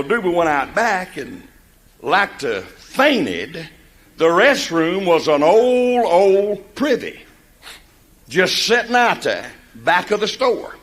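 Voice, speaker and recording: A man's voice: high-pitched, a bit bright. Man, Mississippi Southern accent, older, folksy comic storyteller, long live-hall reverb. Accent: Southern American, Mississippi. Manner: folksy drawl, acts out characters in the tales. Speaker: comedian telling stories. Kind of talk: stand-up storytelling.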